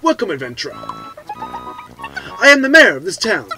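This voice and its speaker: A puffed-up small-town mayor, as a man reads him out greeting adventurers with mock formality. The voice sits on the high side and rises and falls a lot, full of self-importance. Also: huge pitch swings, moderate pace, sharp tone, soft background music, full character voice. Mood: pompous. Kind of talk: playful game voicing.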